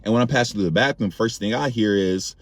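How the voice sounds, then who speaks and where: A man's voice: lowish voice, fast talker, pitched below the performer's own voice. A man doing a matter-of-fact security guard. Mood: plain.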